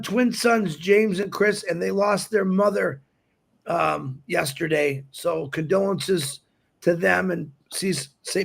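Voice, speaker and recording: An older man hosts a livestream in a high-pitched voice with vocal fry. Effusive and repetitive, he reads out birthdays and prayer requests, leaning often on fillers.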